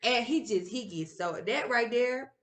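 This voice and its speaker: A woman's voice: a little high, a little slow. A woman co-hosting a podcast in casual, candid chat, swearing freely and acting out what was said. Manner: candid, swearing, acts out quoted talk. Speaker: podcast co-host. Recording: echoey room.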